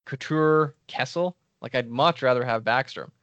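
A man co-hosting a casual fantasy sports podcast, reacting quickly in an easygoing way with short laughs. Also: medium pitch, a bit bright, no echo, muffled recording. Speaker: podcast co-host. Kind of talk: casual fantasy draft chat.

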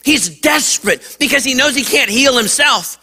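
Man, preacher, animated sermon, high pitched, bright tone. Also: normal speed, husky. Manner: animated, acts out voices; emphatic shouting at high points. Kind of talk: sermon to a young audience.

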